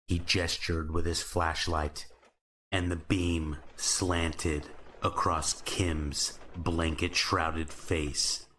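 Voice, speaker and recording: A man narrating horror stories in a slow, measured, calm scripted style. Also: low-pitched, a little hiss or hum.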